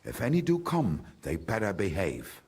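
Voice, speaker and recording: An actor playing a grumbling middle-aged village trader in a video game, with a German accent, wary of outsiders. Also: male voice, on the low side, huge pitch swings, normal speed, darkish tone, husky, exaggerated voice. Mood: gruff.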